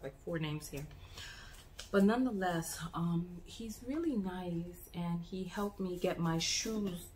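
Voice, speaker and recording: An American woman talking to camera in a casual travel vlog, an animated storyteller who restarts and repeats words as she goes. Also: lowish voice, echoey room, slight background noise. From United States. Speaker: travel vlogger.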